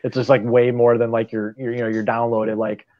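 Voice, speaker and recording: A man chatting casually with bandmates over a video call, quick to banter and joke. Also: medium pitch, little pitch movement, no echo, lo-fi sound. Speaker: band member. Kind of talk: casual chat.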